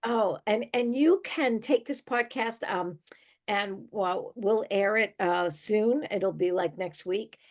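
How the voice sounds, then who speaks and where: A woman's voice: medium pitch, slow, a little mellow. A woman hosting a casual podcast interview. She is enthusiastic and chatty and laughs easily. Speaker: podcast host.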